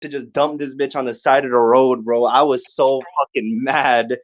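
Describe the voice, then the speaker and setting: Young male podcaster, mid-pitch, casual and profane, animated storyteller, slightly dull lo-fi mic. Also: normal speed, crowd noise. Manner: animated, profane, quotes friends in short bursts.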